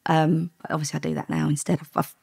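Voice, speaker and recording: A woman's voice: low voice, level tone, fast talker, vocal fry, a little mellow, breathy edge. A woman, a former undercover officer telling her story in a chatty interview, full of ums and self-corrections.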